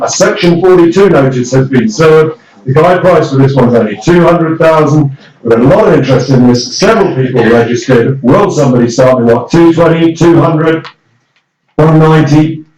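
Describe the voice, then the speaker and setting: A man working as a property auctioneer, calling out bids briskly and coaxing bidders with light humour. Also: medium pitch, a little mellow, echoey room, distant mic, low-quality recording. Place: auction room.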